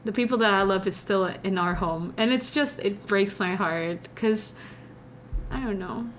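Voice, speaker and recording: Young woman streamer, Indonesian accent, mid-pitched, rambling and confiding with her viewers, faint room hum behind. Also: unhurried. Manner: meandering, confiding, chatty with viewers. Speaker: livestreamer. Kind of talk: casual live-stream chat.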